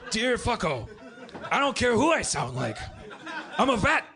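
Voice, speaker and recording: A man doing an impression of a gruff middle-aged male comedian who writes a snide, mock-threatening letter. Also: very high voice, very animated, unhurried, crowd noise, pitched above the performer's own voice, heavily acted.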